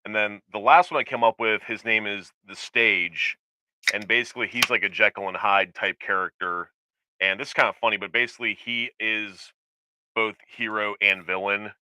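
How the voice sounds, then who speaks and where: A man's voice: fairly low pitch, fairly even intonation, normal speed, pushed and bright, smooth, no echo, poor audio. A man co-hosting a casual chat show, rambling and hesitant with lots of fillers and restarts. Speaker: podcast co-host.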